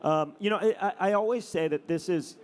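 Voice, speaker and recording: A middle-aged man, a photographer, telling anecdotes to an audience in a relaxed storytelling manner with frequent "um" and "you know". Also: sits high, fairly quick. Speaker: adventure photographer giving a talk.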